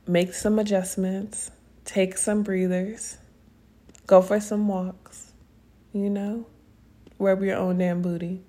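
A woman's voice: medium pitch, creaky. A young woman hosting a podcast, talking candidly and casually with profanity and frequent laughter. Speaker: podcast host. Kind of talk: casual personal monologue.

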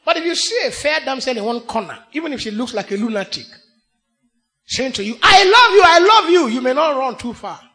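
A man with a Nigerian accent preaching a sermon in church, emphatic, swinging from shouts to hushed asides. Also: extremely high pitch, a little fast. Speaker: pastor.

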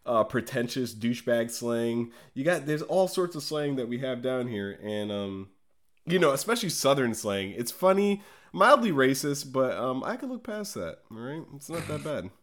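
A man's voice: mid-range voice, big pitch swings, normal speed. A young man from the American South co-hosting a podcast, bantering with sarcastic jokes. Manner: joking, sarcastic. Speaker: podcast co-host. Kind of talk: casual banter.

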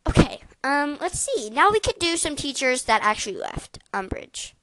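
A woman's voice: sits high, very animated, moderate pace, a bit bright, dry recording, low-quality recording. A woman co-hosting a casual podcast, chatty and full of hesitant fillers. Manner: chatty, hesitant fillers, rating things aloud. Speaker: podcast co-host.

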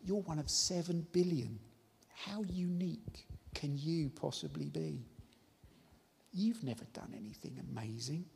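A man's voice: a little high, measured pace, gravelly, husky, in a large hall, pitched above the performer's own voice, exaggerated voice. Man whispering as a sly, taunting devil. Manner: hushed, taunting, insinuating.

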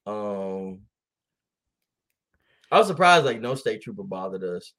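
A young man telling road-trip stories in a casual chat, animated, often laughing and acting out what people said. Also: lowish voice, slow.

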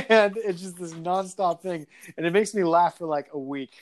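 A man co-hosting a podcast and telling stories in casual chat. He is animated, crude and often laughs. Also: sits high, moderate pace. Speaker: podcast co-host.

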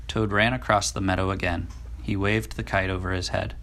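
A woman reading a children's storybook aloud to a child in a gentle, unhurried way. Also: a bass voice, level tone, a little hiss or hum.

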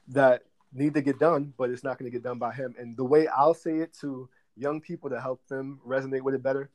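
A man's voice: mid-range voice, a little mellow. Earnest man explaining in an interview. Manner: earnest, explanatory, with frequent "um" and "you know". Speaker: guest, credit repair business director. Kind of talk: conversational interview answers.

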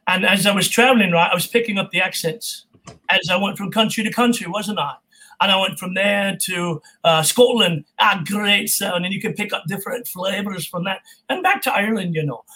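A man from California, a voice actor, chatting as an interview guest in an animated, jokey way. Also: high-pitched, fairly quick, rough recording. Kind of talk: casual interview chat.

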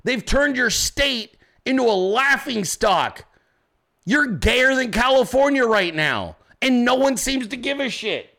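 A male host tears into his topic in an angry, swearing rant. His voice is high and bright with a sharp edge, and it climbs further when he shouts questions at his listeners. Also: lively intonation, unhurried. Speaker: podcast host. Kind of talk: political commentary rant.

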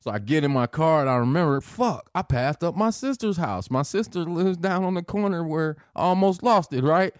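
A man's voice: a little high, lively intonation, a little mellow, no echo, studio quality. A man in his thirties telling drinking stories in casual, profane chat. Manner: laid-back, profane, drawn-out storytelling.

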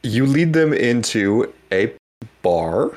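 A man's voice: mid-range voice, very animated, takes it slowly, a little mellow. A man narrating as game master in a tabletop role-play, casual and a bit hesitant.

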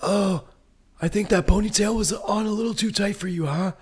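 A cool, menacing action-movie tough guy, male, who talks soft and low with a smug edge, as a man puts him on in casual chat. The voice sits higher than the speaker's usual talk. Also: steady tone, moderate pace, crowd noise, lightly acted.

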